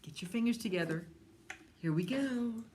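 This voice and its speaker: A woman hosting a library storytime, talking slowly and gently to young children as she tells fables. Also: on the high side. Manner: slow, gentle and animated, talking to young kids. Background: autoharp she plays before the story.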